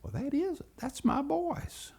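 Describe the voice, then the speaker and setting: A man's voice: on the low side, huge pitch swings, normal speed, creaky, husky, heavily acted. A man voicing a father who hunts for his missing sons and questions them. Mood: puzzled. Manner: calling loudly from afar.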